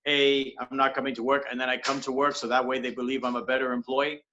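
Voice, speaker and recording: A man improvising a comedy scene over a video call, earnestly playing an odd cop with absurd deadpan logic. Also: mid-range voice, fast, a little hiss or hum. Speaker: improv performer. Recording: dull lo-fi video call audio.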